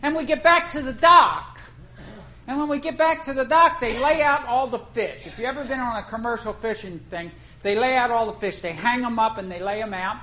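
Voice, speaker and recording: A woman's voice: fairly high pitch, fairly quick, bright, forceful tone, slight background noise, low-quality recording. A woman preacher telling a fishing story in a folksy, conversational way, asking the congregation questions. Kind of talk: storytelling sermon.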